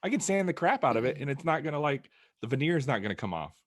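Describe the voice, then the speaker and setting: A man's voice: mid-range voice, big pitch swings, quick pace. A man co-hosting a casual podcast over a video call, describing his woodworking week with wry self-mocking jokes. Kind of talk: casual chat. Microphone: remote video call.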